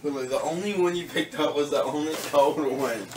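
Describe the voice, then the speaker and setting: A man's voice: on the high side, noisy background. A young man chatting casually with a friend in an offhand, teasing way. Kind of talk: casual chat.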